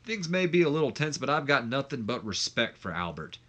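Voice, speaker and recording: A man's voice: medium pitch, big pitch swings, brisk, pushed and bright, voice pushed up. A man voicing a cocky Texan male wrestler with a Southern accent in a wrestling game playthrough.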